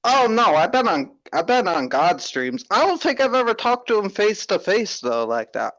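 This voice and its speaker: A man's voice: high voice, very animated, moderate pace, fairly bright tone, lo-fi sound. A man hosting his own stream in casual chat. He is laid-back and joking and tends to drawl. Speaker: streamer host.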